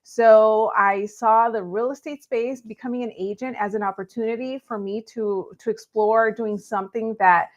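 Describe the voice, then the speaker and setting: A woman's voice: a little high, steady tone, normal speed, few pauses, muffled recording. Upbeat woman guest from California. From Los Angeles, California. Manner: upbeat, chatty. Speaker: guest, real estate agent. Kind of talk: casual interview chat.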